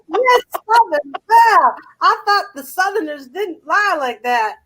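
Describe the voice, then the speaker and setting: A woman's voice: extremely high pitch, lively intonation, measured pace, fairly bright tone, poor audio. An older Canadian woman hosting a live chat, telling stories in a chatty way and laughing often. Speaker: livestream host chatting with viewers.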